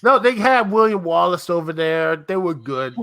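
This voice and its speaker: A man's voice: high-pitched, expressive, normal speed, a bit bright. A man co-hosting a podcast, rambling in laid-back casual chat. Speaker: podcast co-host.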